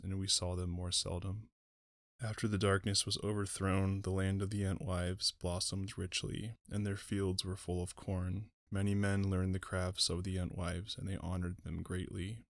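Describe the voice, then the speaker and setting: A man voicing an ancient, sorrowful tree-giant in an audiobook, speaking slowly and deliberately in a musing way. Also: low voice, no room sound. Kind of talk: audiobook reading.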